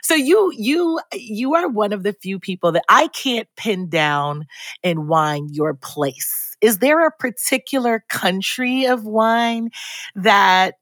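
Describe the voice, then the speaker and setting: A woman with a mid-range, fairly bright voice hosts a podcast interview, speaking slowly but in an animated way with no echo. Chatty and enthusiastic, she acts out little quotes as the casual conversation goes on.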